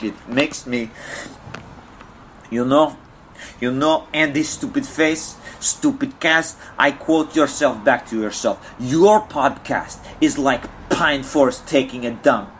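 A man's voice: slow, a little hiss or hum, lightly acted. A man voicing a distraught Russian man with a put-on Russian accent, ranting in broken English with a whiny, swooping voice. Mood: indignant. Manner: whiny, wildly swinging pitch, broken English. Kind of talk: comedic character monologue.

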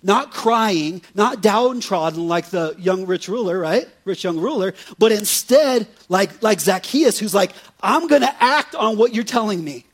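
Male pastor, fairly high and husky voice, conversational sermon delivery with casual asides. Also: measured pace, few pauses. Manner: conversational, animated preaching with frequent "right?" asides.

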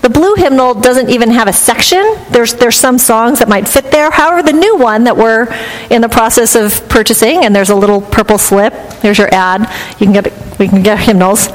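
A woman pastor preaching in a church sanctuary, her voice pitched somewhat high. She speaks in a measured, earnest, reflective way, and a long reverb trails each phrase. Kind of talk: sermon.

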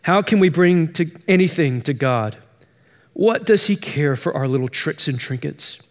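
Man voicing an old aunt, weeping, choked, hushed prayer, sermon reading. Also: on the high side, expressive, moderate pace, big-room sound. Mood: choked, tearful. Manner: choked, tearful, softly praying. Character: proud elderly aunt, weeping, humbled.

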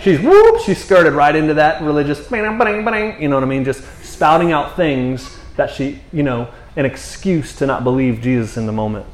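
A man's voice: medium pitch, moderate pace, few pauses, roomy sound, slight background noise. A man preaching a passionate, conversational sermon from a church stage, often asking "you know what I mean?". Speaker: pastor. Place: church sanctuary.

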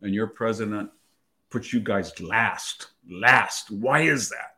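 A man's voice: on the low side, takes it slowly, sharp tone, exaggerated voice. A man voicing a brash young woman agent with a Valley Girl accent, breezy and calling everyone "man". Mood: pointed. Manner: breezy, says "man" a lot.

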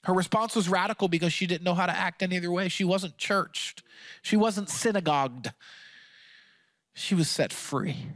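A man's voice: high voice, moderate pace, a bit bright, no echo. A man pastor preaching a sermon with passion, often restarting and stammering as he presses his points.

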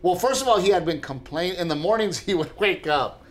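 A man's voice: sits high, a little fast. A man in his thirties co-hosting a casual chat, telling stories with lots of acted-out voices. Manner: animated storyteller, acting out voices. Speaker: podcast co-host.

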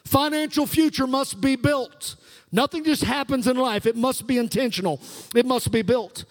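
A middle-aged male pastor with an extremely high voice preaches a sermon at normal speed in a church sanctuary. His fervent call-and-response delivery carries the long reverb of a large hall.

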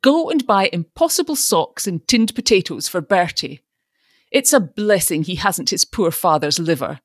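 A lofty, self-pitying old ironmonger, fussing and grand in a storybook reading, as a woman narrator puts him on. His lines rise high and swing widely, in a dry, close sound. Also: very animated, normal speed, no room sound. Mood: lofty, fussy. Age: older. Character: fussy pompous retired ironmonger, older man.

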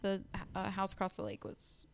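A woman's voice: mid-range voice, completely flat delivery, fairly quick, a little hiss or hum. A young woman co-hosting a podcast, chatting casually and retelling book plots with lots of "like" and "um". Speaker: podcast co-host. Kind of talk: casual chat.

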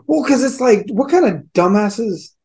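A man's voice: very high-pitched, lively intonation, unhurried, darkish tone. A man co-hosting a podcast, chatting casually about a movie, loose and profane with lots of fillers. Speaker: podcast co-host.

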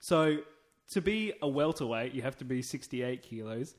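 A man's voice: mid-range voice, lively intonation, normal speed. A man, co-hosting a casual comedy history podcast, reading out notes and laughing often. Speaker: podcast co-host.

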